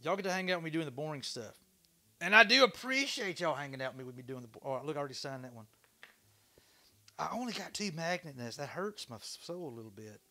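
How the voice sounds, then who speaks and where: A man hosting a casual livestream from his workshop, chatty and excitable, swearing casually as he talks to viewers. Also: on the high side, quick pace. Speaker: livestream host. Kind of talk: casual livestream chat while woodturning.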